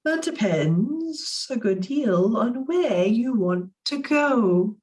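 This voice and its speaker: A woman reading aloud voices a grinning, teasing, mysterious cat with a slow drawn-out delivery. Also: fairly high pitch, expressive, a little mellow, distant mic, voice pushed up.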